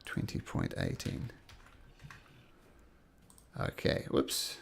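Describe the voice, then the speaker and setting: A man running a tabletop game as game master, narrating with an upbeat, laughing manner. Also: extremely slow.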